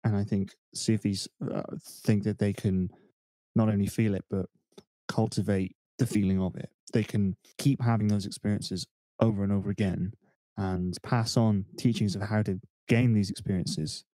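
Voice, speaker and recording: A man's voice: lowish voice, steady tone, normal speed, mellow, no echo. A man co-hosting a casual podcast over a remote call, explaining ideas at length and thinking aloud with fillers. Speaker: podcast co-host. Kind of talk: casual discussion. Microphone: desk microphone.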